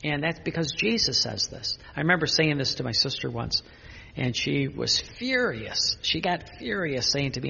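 An older man, a priest, giving an unscripted spiritual talk with personal stories, speaking haltingly with many restarts and fillers. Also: medium pitch, animated, gravelly, bright, forceful tone, long reverb tail, muffled recording, a little hiss or hum.

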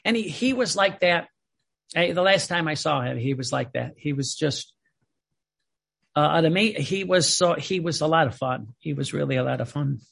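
A man reading aloud and commenting on a spiritual text, telling stories in a digressive, animated way. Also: fairly high pitch, moderate pace, creaky, breathy edge. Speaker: religious teacher.

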